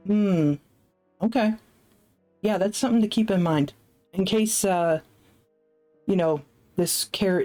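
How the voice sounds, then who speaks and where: Slow-talking woman streamer, low voice. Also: mellow. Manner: chatty, self-deprecating, thinks aloud with fillers. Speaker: streamer playing a solo tabletop game. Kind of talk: casual live-stream chat.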